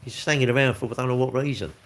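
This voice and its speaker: A man's voice: mid-range voice, rapid-fire, a bit bright. A man, chatting casually on a live stream, rambling and blunt as he answers comments. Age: 60s.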